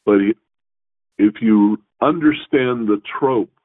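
A man reading scripture aloud and pausing to explain it as a Torah teacher, in a slow, measured way. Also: lowish voice. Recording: phone-like radio broadcast.

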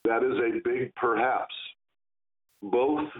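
A man teaching Kabbalah, giving a slow, stern lesson on pronouncing Hebrew letters and stretching words to demonstrate. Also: mid-range voice. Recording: tinny phone-like sound.

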